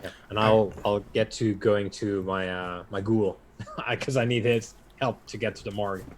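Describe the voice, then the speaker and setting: A man's voice: fairly low pitch, steady tone, slight background noise. Hesitant man playing a tabletop game. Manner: hesitant, halting restarts. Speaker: player. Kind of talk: in-character tabletop play.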